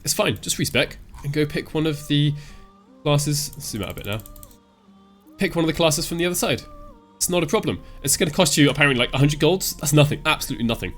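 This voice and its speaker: Gaming host, male, quick delivery, slightly stuffy nose from a cold, chatty and reassuring; soft music underneath. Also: on the high side. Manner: chatty, reassuring, explains step by step. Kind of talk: casual game advice talk.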